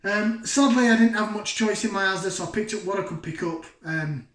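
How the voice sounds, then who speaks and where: Chatty beer vlogger, rambling, self-mocking, slightly higher voice, roomy echo. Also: male voice, brisk, fairly bright tone. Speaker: beer reviewer. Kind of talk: casual chat to camera.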